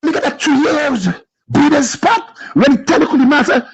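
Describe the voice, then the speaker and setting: A man's voice: very high voice, moderate pace, gravelly, poor audio. A man with a Guyanese accent, calling in to rant about politics with fervent, preaching passion. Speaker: caller. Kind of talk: impassioned political call-in rant.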